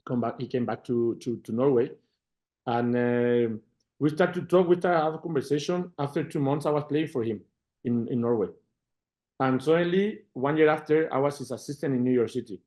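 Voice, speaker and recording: Man, Mexican accent, Spanish native speaker, mellow dark tone, halting speech with many repeats. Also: mid-range voice. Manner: halting, repeats words, animated when retelling dialogue. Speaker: football manager. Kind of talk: interview answers.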